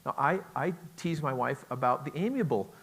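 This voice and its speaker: A man's voice: medium pitch, animated, moderate pace, fairly bright tone, breathy edge. A middle-aged man giving a relationship talk at a conference, chatty and joking, asking the audience questions. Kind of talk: lecture to a live audience.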